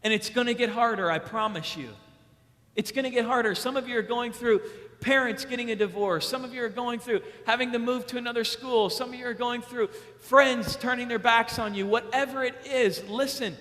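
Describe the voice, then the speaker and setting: A young man preaching a sermon to youth, emphatic and repetitive, acting out stories with sudden loud excitement. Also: very high voice, brisk. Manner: emphatic, repeats key lines. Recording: long hall reverb.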